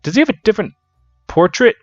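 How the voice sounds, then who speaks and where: A man's voice: high voice, sing-song, fast talker, dry recording, muffled recording, faint music behind. A man giving casual, jokey commentary on a game he is playing, laughing and swearing freely. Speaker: let's play commentator.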